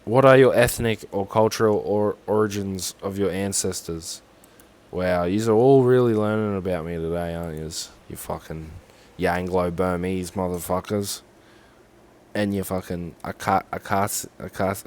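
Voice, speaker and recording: A man's voice: deep voice, normal speed. A young Australian man with an Australian accent, rambling sarcastically and swearing as he talks through a form on a casual livestream.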